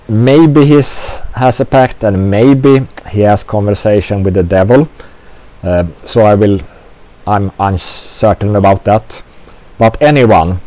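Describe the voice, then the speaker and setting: Slow, mellow-voiced man rambling on. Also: low-pitched, rough recording. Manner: slow, halting delivery with many fillers. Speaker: commentator. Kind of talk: rambling monologue commentary.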